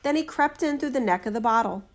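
Woman reading a fairy tale aloud. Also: a little high. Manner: steady, measured reading. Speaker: storyteller. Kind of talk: storybook narration.

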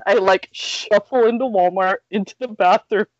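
A woman's voice: mid-range voice, normal speed, dry recording. A woman in her thirties telling a story in casual chat, talkative and laughing through her words with lots of "like". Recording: dull lo-fi dry recording.

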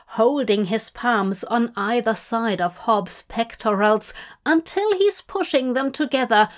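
A woman narrates a story in audiobook style. Her delivery is measured and intimate, with an unhurried pace and a slightly high voice. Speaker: fanfic reader.

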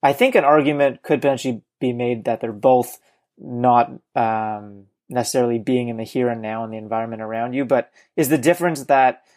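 Guy hosting a podcast, slow thoughtful questions, lots of pauses. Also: mid-range voice, fairly even intonation, a little mellow. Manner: thoughtful, hesitant with fillers. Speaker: podcast host. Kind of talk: interview questions.

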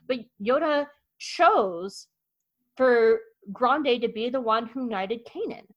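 A woman's voice: a little high, poor audio. A woman hosting a podcast in casual chat, gushing enthusiastically and rambling with frequent restarts and fillers. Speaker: podcast host.

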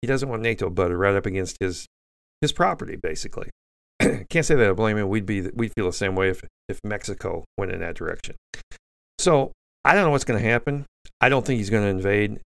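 A man with a low voice and a gravelly, fry-heavy edge delivers a blunt, indignant news commentary monologue. He rambles and restarts his sentences often. The sound is dry, with no room around it. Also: fairly quick, a bit bright, no room sound. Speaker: host.

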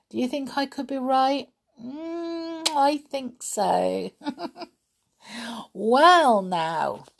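A woman in her thirties reads a children's story aloud at an unhurried pace. She is gentle and chatty, pausing to talk straight to her young listeners. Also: lowish voice.

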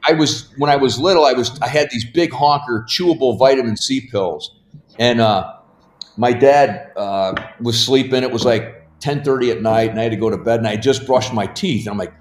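A man's voice: mid-range voice, expressive, moderate pace. Rambling man telling stories, echoey room. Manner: rambling, laughs through his stories. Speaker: podcast guest. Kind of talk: casual storytelling. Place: home. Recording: roomy echo.

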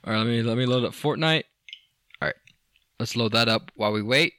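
A man's voice: mid-range voice, brisk, pushed and bright, dry recording, clean studio sound. A young man co-hosting a casual podcast, rambling and joking with lots of fillers, restarts and swearing. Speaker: podcast co-host. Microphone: studio microphone.

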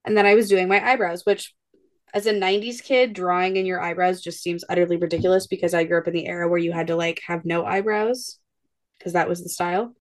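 A woman in her thirties, with a lowish voice and a fast pace, co-hosts a podcast and chats casually. She tells stories with animation, acting out her kids' voices along the way.

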